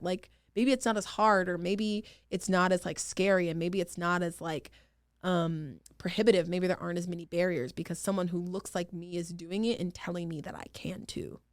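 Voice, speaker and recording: A young woman from Rhode Island giving candid, animated interview answers as a state senator. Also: on the low side, moderate pace, dry recording, clean studio sound. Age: young adult. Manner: candid, animated, laughs often.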